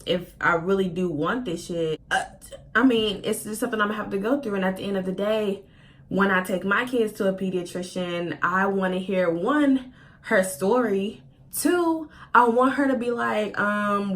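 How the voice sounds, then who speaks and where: A woman in her twenties telling a story on her vlog, casual and profane, acting out her own quoted words, at times close to tears. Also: normal speed. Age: 20s. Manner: casual, profane, expressive with slang; acts out her own quoted lines with big pitch jumps. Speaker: vlogger.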